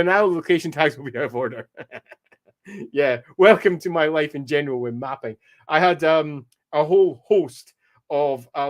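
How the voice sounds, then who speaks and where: A man with a mixed Scottish accent hosting a live stream, thinking aloud as he works and answering viewer comments in a relaxed way. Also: fairly high pitch. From Scotland. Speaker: stream host and mapmaker. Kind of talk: live-stream commentary while drawing a map.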